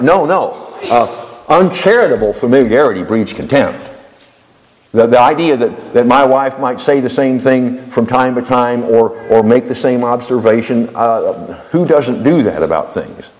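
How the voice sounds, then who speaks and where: A man's voice: medium pitch, moderate pace, few pauses, darkish tone, in a large hall, poor audio. A man preaching a sermon, often stumbling and repeating words as he goes.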